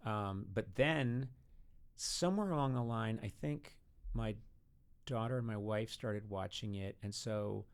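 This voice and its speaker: A man's voice: on the low side, unhurried, smooth. A man in his sixties, a podcast guest, chatting casually and telling anecdotes, sometimes acting out other people's lines. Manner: storytelling, acts out voices of family and others. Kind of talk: casual interview chat.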